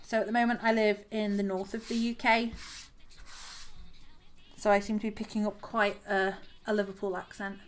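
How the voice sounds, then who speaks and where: A woman's voice: mid-range voice, level tone, normal speed, pauses often, a little hiss or hum. A woman with a southern English accent, chatting casually with her audience while crocheting on a live stream, laughing often and talking to her cat. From southern England. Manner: chatty, giggly, talks to her cat and reads chat aloud. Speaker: craft streamer.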